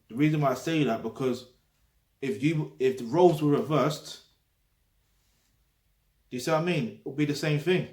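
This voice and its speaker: A London vlogger talks straight to camera in a casual, blunt, emphatic way, with frequent tag questions and swearing. His voice is medium-pitched and darkish, and the recording has a roomy echo.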